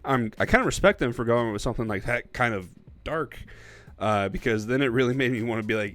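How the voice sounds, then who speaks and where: A young man giving a casual, rambling movie review vlog, animated and quick to laugh. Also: medium pitch.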